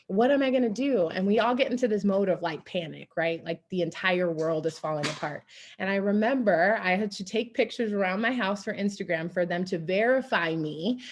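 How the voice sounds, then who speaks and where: Energetic woman telling her story. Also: mid-range voice, a little hiss or hum. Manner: energetic, animated storytelling with acted-out quotes. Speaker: guest speaker on a team coaching call. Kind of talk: motivational team call talk.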